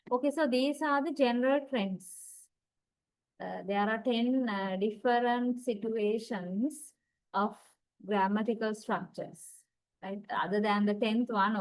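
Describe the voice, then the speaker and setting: A woman with a fairly high voice teaches an English intonation class. She explains each rule step by step, with many "uh" fillers and frequent checks of "right?". She acts out each example sentence with exaggerated rising and falling pitch. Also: low-quality recording. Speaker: lecturer. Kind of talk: university lecture on English intonation.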